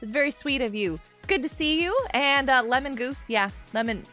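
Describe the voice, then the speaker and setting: High, giggly woman streamer. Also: a little fast, bright, forceful tone, soft background music. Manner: giggly, chatty, laughs often. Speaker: gaming live streamer. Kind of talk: casual live stream chat. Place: home room with carpet.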